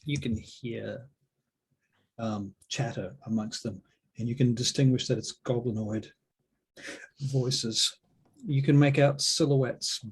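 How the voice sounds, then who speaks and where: A man narrating as dungeon master, relaxed and often pausing with ums. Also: medium pitch, breathy edge. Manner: relaxed, hesitant with many ums. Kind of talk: narrating a tabletop game.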